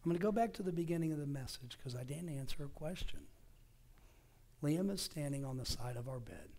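In a church sanctuary, a middle-aged associate pastor delivers a sermon, swinging from loud bursts to soft whispered phrases. His voice is a little high and expressive, and he speaks a little fast.

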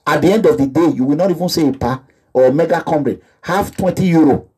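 A man's voice: a little high, fairly quick, darkish tone, slightly rough. A man with a Nigerian accent delivering an impassioned, repetitive monologue that slips into pidgin phrases. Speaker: activist vlogger. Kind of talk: animated monologue.

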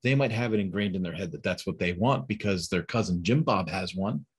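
Low-pitched, brisk and a little rough, a man leads a sales and service training webinar, addressing staff directly. Rhetorical questions mix with acted-out sample calls where he takes on quoted voices.

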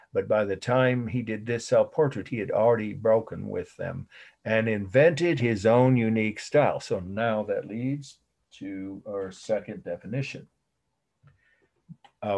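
A man teaching an art history lecture, dictating definitions slowly, repeating them, and pausing with frequent fillers. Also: on the low side, vocal fry, darkish tone, slightly rough. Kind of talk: recorded classroom lecture.

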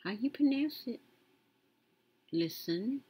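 A woman's voice: on the high side, animated, takes it slowly, warm tone, slightly rough, rough recording. A woman, casually commenting on a news story as she browses, muttering to herself and reading aloud with emphasis. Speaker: content creator reading news.

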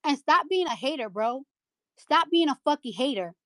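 A woman's voice: high voice, sing-song, normal speed, fairly bright tone, no echo. A woman delivering a heated, profane rant on a live audio chat, repeating lines for emphasis into a phone mic. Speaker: rapper hosting a live audio chat room. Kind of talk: angry live-stream rant.

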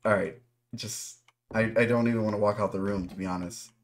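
A man's voice: lowish voice, fairly even intonation, brisk. A man giving nervous running commentary while playing a horror game, talking straight to his viewers. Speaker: gaming YouTuber.

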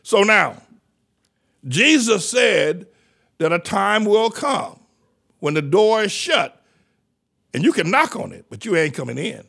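An older male pastor preaches a fiery, mocking sermon in a high, gravelly voice. He shouts his points and hammers the same phrases again and again. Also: sing-song, takes it slowly, pauses often. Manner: shouting, mocking, repeating phrases with sudden laughs. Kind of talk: fiery street-style sermon.

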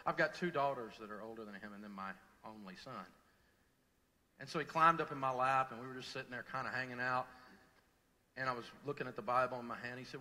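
A middle-aged man preaching a sermon, telling a personal story with swings from loud to hushed. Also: medium pitch, moderate pace, pauses often, big-room sound. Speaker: pastor. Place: large church hall.

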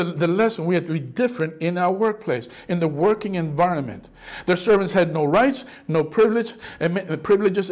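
Man, pastor, high-pitched voice, animated sermon, acts out quotes, middle-aged.

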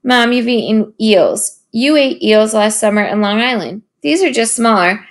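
A woman's voice: a little high, animated, a little slow. A woman voicing a stubborn young boy in a storybook reading, defiant and insistent.

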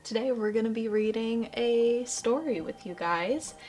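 A woman reading a children's book aloud in a gentle, expressive way. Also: a little high, measured pace, a little hiss or hum. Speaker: storyteller.

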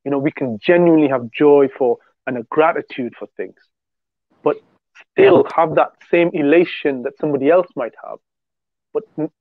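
A man's voice: mid-range voice, no room sound. Male co-host, casual rambling teller, phone-quality dry audio. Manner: rambling storyteller with many restarts. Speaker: podcast co-host. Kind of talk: casual religious discussion. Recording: tinny phone-like dry sound.

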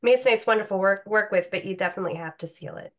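A woman's voice: mid-range voice, very fast, a bit bright. A woman hosting a drawing session on a video call, chatting casually and encouraging the others. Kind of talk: casual chat.

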